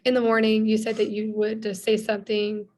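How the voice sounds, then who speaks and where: A woman's voice: a little high, monotone, fairly quick, a little mellow. Hesitant woman asking a question. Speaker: webinar attendee asking a question.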